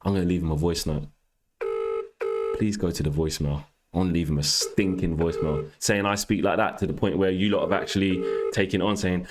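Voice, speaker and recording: A young man hosts a casual livestream and banters with his viewers. His voice sits low and deep. He jumps between muttering asides and loud, exasperated protest. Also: fairly even intonation, fairly quick, noisy background. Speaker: livestream host.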